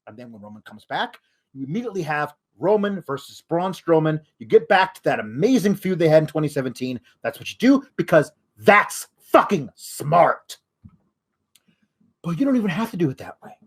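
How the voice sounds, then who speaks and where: A man's voice: on the high side, very animated, moderate pace, slightly rough. A man hosting a wrestling podcast, ranting in exasperation with frequent swearing. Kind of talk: podcast rant.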